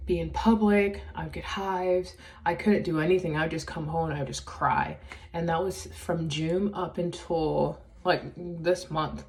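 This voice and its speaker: A woman talking in a casual confessional vlog, halting, with many fillers and restarts. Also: low voice, darkish tone. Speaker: vlogger.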